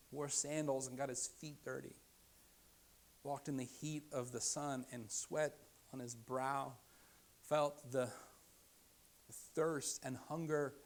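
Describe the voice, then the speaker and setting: A young adult man preaching a sermon as pastor, moving from hushed, soft-spoken lines to raised, emphatic ones. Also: mid-range voice.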